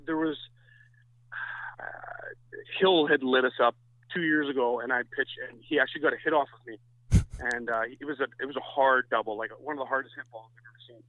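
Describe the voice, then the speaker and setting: A man's voice: medium pitch, fairly even intonation, brisk, no room sound. Canadian male guest, rambling storyteller, thin phone-line audio, dead dry. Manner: rambling anecdotes with many restarts. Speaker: guest, softball pitcher. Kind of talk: casual chat, storytelling.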